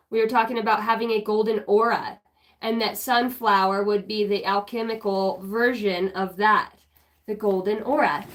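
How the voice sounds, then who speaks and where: A woman's voice: a little high, a bit bright. A woman on a casual spiritual livestream, rambling, giggling often and humming bits of songs as she goes.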